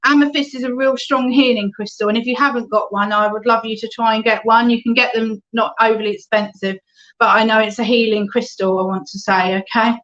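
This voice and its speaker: A woman's voice: a little high, fairly even intonation, fairly quick, fairly bright tone. A woman giving a spiritualist medium reading in an online service, talking chattily and often checking in with "okay?". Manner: chatty, reads out viewer comments, often adds "okay?". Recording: dull lo-fi online stream audio.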